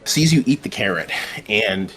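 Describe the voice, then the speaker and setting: A man's voice: fairly low pitch, expressive, normal speed, a bit bright, voice pushed down. A man voicing a nervous male skeleton ex-convict in a tabletop role-play, stammering and repeating himself evasively.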